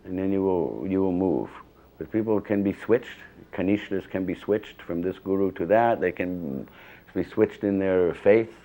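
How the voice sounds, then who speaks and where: An older man with a deep, low-pitched voice tells memories in an interview. He talks in an earnest, rambling way, circling back and pressing his points with emphasis. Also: a little slow, dark tone. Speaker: devotee recalling his teacher. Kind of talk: reminiscing interview.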